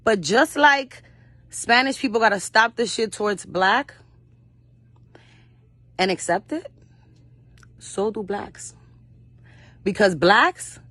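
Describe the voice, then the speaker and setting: With a lowish yet fairly bright voice and no echo, a young actress guesting in an interview delivers personal stories bluntly and fiercely. Frequent cursing peppers her speech, and she mimics the voices of her mother and other people.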